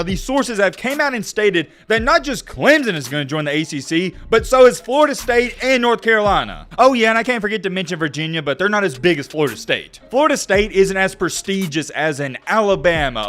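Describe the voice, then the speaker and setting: An excitable young man talks straight to his viewers in a high, lively voice that leaps around his range. He keeps bursting into shouts, then pulls himself back down to a calmer, explaining tone. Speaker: college football YouTuber. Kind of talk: excited vlog commentary.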